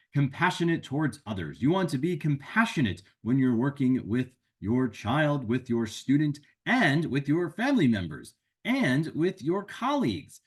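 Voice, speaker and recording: Upbeat, lively man giving advice. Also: medium pitch, husky. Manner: upbeat, encouraging, list-driven. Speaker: educational consultant and host. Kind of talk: informal parenting and teaching advice talk.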